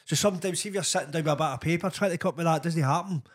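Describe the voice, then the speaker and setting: Sweary man, a bit high. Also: very fast. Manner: blunt, sweary, says "aye" a lot. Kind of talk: casual chat.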